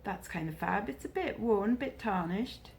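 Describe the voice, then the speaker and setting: A woman vlogger chatting casually as she unboxes parcels, gushing and excitable. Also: mid-range voice, moderate pace, creaky, slight background noise.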